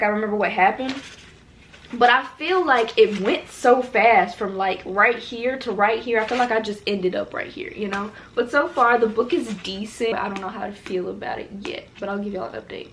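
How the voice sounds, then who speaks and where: A woman's voice: medium pitch, fairly bright tone. A young woman vlogging casually from her car, rambling with lots of fillers. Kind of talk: casual vlog chat. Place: in her car in a parking garage. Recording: noisy car and traffic background.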